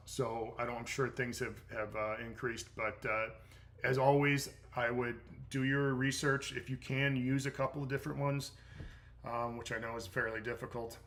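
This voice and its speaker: Blunt, bright-voiced man cursing casually. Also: mid-range voice. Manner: blunt, profane, rambling with many fillers. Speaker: strength coach answering viewer questions. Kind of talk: casual livestream Q&A.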